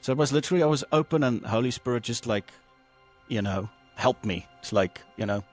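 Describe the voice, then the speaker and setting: A man guest on a podcast telling a personal testimony in an animated way, acting out the voices he quotes, with many fillers and restarts. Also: mid-range voice, a little fast, soft background music.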